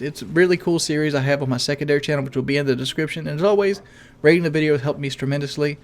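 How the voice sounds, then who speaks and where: Rapid-fire and a little high, this young man's self-described monotone voice drives loose gaming commentary. He wanders, corrects himself, and keeps putting questions to his viewers.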